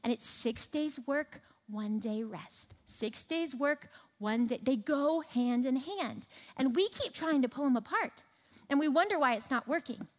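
A woman's voice: high voice, expressive, measured pace, in a large hall. A woman preaching a sermon, emphatic, repeating phrases for rhythm. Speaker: speaker at a church teaching session.

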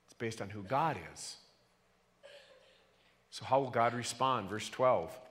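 A man's voice: medium pitch, takes it slowly, fairly bright tone. A man preaching a sermon to his church, earnest and emphatic, often putting questions to the congregation. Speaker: pastor. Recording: long hall reverb.

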